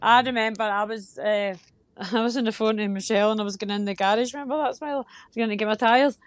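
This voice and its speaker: A woman's voice: a little high, steady tone, fast talker, no room sound. Sweary Scottish woman, dry close mic. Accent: Scottish, Ayrshire. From Scotland. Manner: blunt, sweary, laughing storyteller. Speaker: stream co-host. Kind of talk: casual chat. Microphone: online stream mic.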